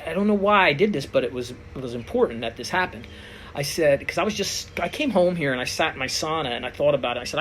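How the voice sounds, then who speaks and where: A man's voice: medium pitch, slight background noise. A middle-aged man hosting a casual monologue, telling a gym story with lots of fillers and acted-out dialogue. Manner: animated, acts out quoted dialogue with many fillers. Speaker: host.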